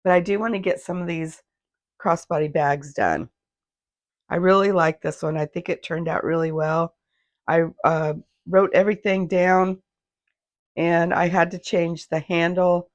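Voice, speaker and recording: A woman with a slightly low, hoarse and gravelly voice, talking casually in her sewing vlog. She wanders off track and corrects herself as she goes. The sound is dry and close, caught on a phone in her home sewing room. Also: steady tone, a little slow, no room sound, dull audio. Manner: rambling, loses her thread and restarts. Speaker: handmade business owner, vlogger.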